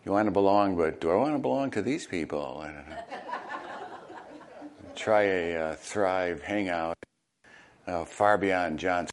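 An older man, a retired pastor, preaching a conversational sermon with halting fillers and bursts of animated storytelling. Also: low-pitched, a little hiss or hum. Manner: conversational, halting with fillers, animated when acting out crowd reactions.

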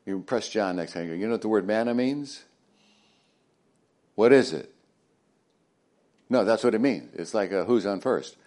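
A male pastor preaching in a somewhat low voice. He swings from loud, emphatic lines down to hushed near-whispers. He drops folksy jokes and questions to the congregation along the way. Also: expressive, measured pace, long pauses. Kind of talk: sermon.

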